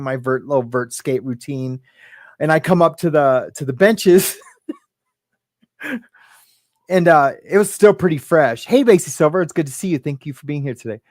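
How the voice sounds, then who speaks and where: A man's voice: fairly high pitch, dry recording. Middle-aged guy rambling through a story, dry close sound, choked up. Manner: rambling, full of "right?" and "like". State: emotional, near tears. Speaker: podcast guest. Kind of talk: personal storytelling.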